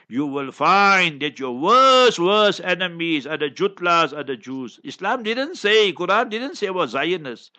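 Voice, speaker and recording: A man's voice: high voice, animated, a little slow, hardly any pauses, pushed and bright. A man giving an impassioned preaching Q&A as an Islamic scholar, chanting Arabic verses between fiery remarks. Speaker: Islamic scholar answering questions. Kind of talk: preaching Q&A talk. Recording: dull lo-fi recording.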